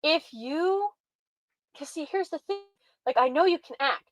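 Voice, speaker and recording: A woman's voice: high-pitched, lively intonation, a little slow, faint music behind, poor audio. A woman hosting a commentary show, reacting with sarcastic, exasperated rants. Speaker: commentary host.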